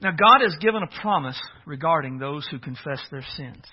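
A man's voice: a little high, expressive, moderate pace, slightly rough. A man preaching a sermon in a conversational, earnest storytelling manner. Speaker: pastor. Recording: dull lo-fi audio.

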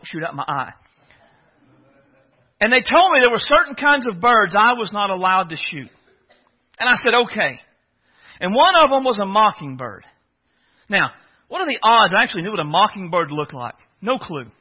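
Man, pastor, sermon, storytelling, earnest, very high voice, muffled lo-fi recording. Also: breathy edge. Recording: dull lo-fi audio.

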